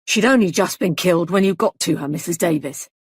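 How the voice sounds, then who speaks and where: A woman's voice: lowish voice, fairly quick, breathy edge, no room sound, studio quality. A woman voicing a grave male police sergeant who questions people in a clipped, insistent way. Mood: stern.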